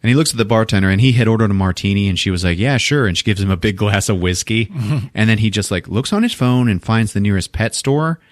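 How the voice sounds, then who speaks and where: A man hosting a podcast, casually recapping a movie as an animated storyteller who laughs often and swears freely. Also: on the low side, fast talker, hardly any pauses, dry recording, clean studio sound. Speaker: podcast host.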